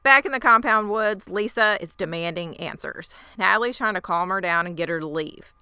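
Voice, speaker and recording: A woman co-hosting a casual podcast, retelling a TV episode scene by scene with lively asides. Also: mid-range voice, normal speed, clean tone, no echo. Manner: animated storyteller, quotes characters in lively asides. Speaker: podcast co-host. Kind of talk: casual TV recap chat.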